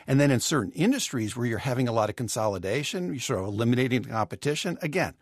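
A man's voice: mid-range voice, lively intonation, fast talker, no room sound. Male correspondent, eager explainer, casual and dry-sounding. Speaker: economics correspondent. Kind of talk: conversational explaining.

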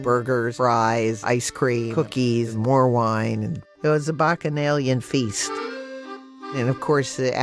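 A woman actor telling a personal anecdote in a lively storytelling manner, her voice leaping upward for emphasis and laughing through some lines. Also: low voice.

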